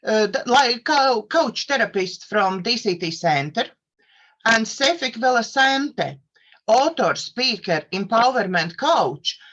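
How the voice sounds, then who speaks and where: Slow, careful woman host with a foreign accent. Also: on the high side, fairly bright tone, highs cut off. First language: not English. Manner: careful, slow, halting wording. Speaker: host and coach therapist. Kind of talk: hosting an online interview.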